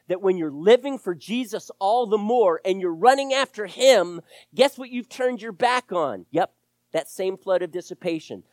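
Male pastor, animated sermon delivery, very expressive pitch, dry recording. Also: no echo. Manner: animated preaching, rising and falling loudness.

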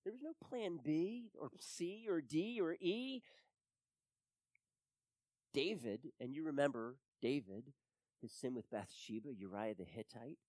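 A pastor preaching a sermon, swinging between loud urging and hushed, near-whispered passages. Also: mid-range voice, expressive, a little slow, long pauses, dry recording, poor audio.

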